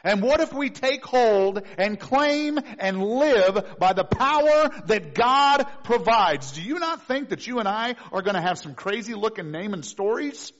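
A man preaching a sermon as pastor, animated and quick to act out voices of the people in the story. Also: extremely high pitch. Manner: animated, acts out voices of figures. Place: church sanctuary. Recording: dull lo-fi recording with long reverb in a church.

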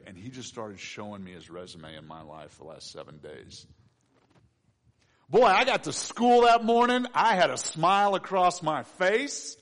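A middle-aged man preaching with a lively voice that climbs and dips across a wide range and sits slightly high for a man. He punches key lines loudly, then drops into quiet asides. He acts out his own prayers and the voices he quotes. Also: a little slow, a little hiss or hum. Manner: animated, swings between loud emphasis and quiet asides. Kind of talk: sermon.

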